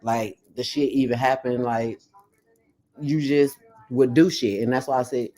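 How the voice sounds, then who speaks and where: A woman's voice: very deep voice, unhurried. A woman in casual conversation, telling her own story bluntly, with heavy swearing and acted-out quotes. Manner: blunt, heavily profane storytelling; animated, acts out quoted lines. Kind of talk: casual chat.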